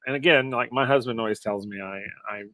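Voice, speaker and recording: A man's voice: medium pitch, brisk, bright, forceful tone, no room sound. A man co-hosting a wrestling podcast, chatting casually as a sentimental, openly emotional storyteller. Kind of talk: casual recap chat.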